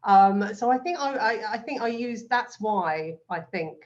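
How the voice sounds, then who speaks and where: A woman, a novelist in a live festival conversation, talking in a chatty, animated way with frequent ums and little laughs. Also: medium pitch, a little slow, highs cut off. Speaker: novelist guest.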